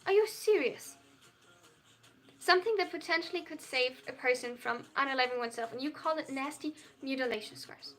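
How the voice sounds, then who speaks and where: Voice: high-pitched, quick pace, few pauses, pushed and bright, soft background music. A young adult non-binary streamer with a German accent, earnestly reading out chat messages and answering them at length on a live stream. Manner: earnest, reads chat aloud and replies at length.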